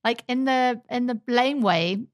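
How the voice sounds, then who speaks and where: An English woman in her thirties co-hosting a podcast, telling a personal story in an animated, chatty way full of fillers. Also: fairly high pitch, moderate pace, no room sound, studio quality. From England. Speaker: podcast co-host. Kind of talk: casual storytelling chat.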